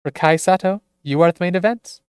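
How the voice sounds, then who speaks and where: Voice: medium pitch, brisk, a little mellow, clear, resonant tone, dry recording, clean studio sound, pitched above the performer's own voice, natural voice. A streamer voicing a gleeful, sadistic captor who taunts and giggles while reading game dialogue aloud. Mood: taunting.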